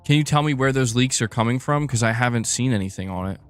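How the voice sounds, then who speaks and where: A man's voice: mid-range voice, fast talker, soft background music. A man hosting a casual live stream about video game news, chatting loosely and reacting to his chat with frequent laughs.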